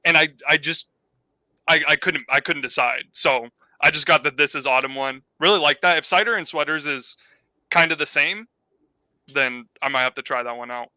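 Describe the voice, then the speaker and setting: Bright, crisp-voiced man chatting. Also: a little high, normal speed, no room sound. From California. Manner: easygoing, hesitant restarts. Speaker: guest. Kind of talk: casual chat.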